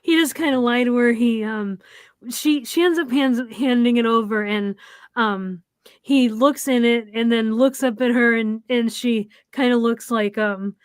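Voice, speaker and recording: A woman's voice: fairly high pitch, measured pace, smooth, dry recording. A woman co-hosting a show, casually retelling a TV episode scene by scene with frequent ums and quoted dialogue. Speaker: podcast co-host. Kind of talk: casual chat recapping a TV episode.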